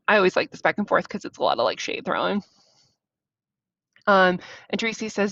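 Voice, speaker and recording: Woman teacher walking through a play, casual and slangy, gravelly tone, dry dull recording. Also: medium pitch, very animated, a little fast, pauses often, fairly bright tone, no echo. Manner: casual, slangy, chatty asides. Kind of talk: explaining a play while reading it aloud.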